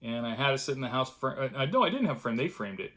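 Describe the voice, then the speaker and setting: A man's voice: mid-range voice, very animated, quick pace, a bit bright. A middle-aged man talking casually and at length in a home vlog, chatty and self-deprecating. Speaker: vlogger, cartoonist. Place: home studio room.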